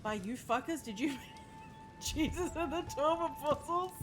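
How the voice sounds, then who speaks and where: A woman's voice: high-pitched, animated, unhurried. Woman streaming a game, jokey and sweary, voice jumps all over, music going in the background. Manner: chatty, joking and profane, talks to chat. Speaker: streamer playing a video game. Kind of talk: live gameplay commentary. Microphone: webcam setup. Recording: game music playing behind.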